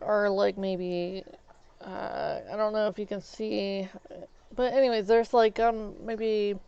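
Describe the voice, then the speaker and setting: Slow rambling woman on a stream. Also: medium pitch, a little mellow, smooth, no room sound. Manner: rambling, meandering asides. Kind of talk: casual chat while eating. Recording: dull lo-fi stream audio with faint music.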